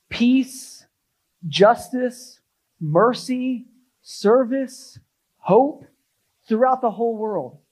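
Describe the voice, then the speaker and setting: Emphatic male preacher, somewhat high voice. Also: poor audio. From United States. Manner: emphatic, rising on listed words then dropping low and soft. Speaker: pastor. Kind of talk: sermon.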